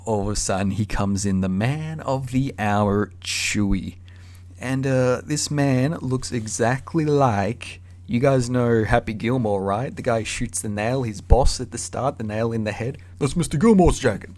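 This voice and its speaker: A young man telling a casual story in an animated, slangy way. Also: medium pitch, measured pace. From Australia. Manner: animated, slangy, acts out voices.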